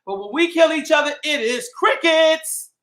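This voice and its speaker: A man with a high, bright, cutting voice delivers a fiery livestream monologue. He speaks with heat and blunt profanity, and he hammers his points through repetition. The room around him sounds hollow and echoey. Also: expressive, normal speed. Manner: heated, profane, emphatic and repetitive. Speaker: livestream host.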